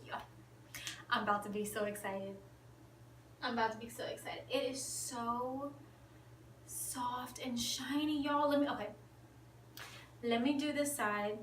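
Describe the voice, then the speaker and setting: A woman vlogging in a gushing, excited way about her hair, now and then dropping to a whisper. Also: a little high, roomy sound, distant mic, a little hiss or hum, poor audio. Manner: gushing, animated, drops to whispers. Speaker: beauty vlogger. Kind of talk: excited casual vlog chat.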